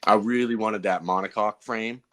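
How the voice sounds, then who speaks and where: A man's voice: lowish voice, steady tone, a little fast, bright, forceful tone. A man, a pro BMX racer guest on a podcast, telling stories in a loose, rambling way full of fillers and restarts. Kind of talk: casual podcast storytelling.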